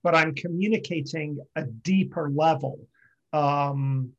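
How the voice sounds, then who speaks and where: Man in a podcast chat, gravelly and a bit husky, earnest and explanatory, slightly high voice. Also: slow pace. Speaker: acrobatic performer. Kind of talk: reflective conversation. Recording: dull lo-fi sound.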